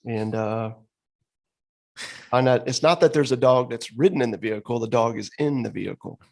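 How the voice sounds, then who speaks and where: A man's voice: medium pitch, moderate pace, gravelly. A man co-hosting a podcast, telling a story in casual chat, laughing often and saying bro and dude. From Florida. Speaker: podcast co-host.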